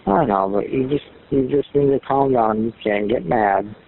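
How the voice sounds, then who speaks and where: A man's voice: medium pitch, normal speed, vocal fry, slightly rough. A man in a casual phone conversation, giving advice in a coaxing, loose, rambling way. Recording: tinny phone line with faint noise.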